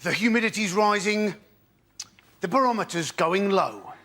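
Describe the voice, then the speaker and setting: A man's voice: sits high, lively intonation, a little slow, bright, forceful tone, a faint crowd. A man on a comedy panel show mimicking a weather forecast for a gag. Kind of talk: quick-fire stand-up gags. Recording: studio audience and noise.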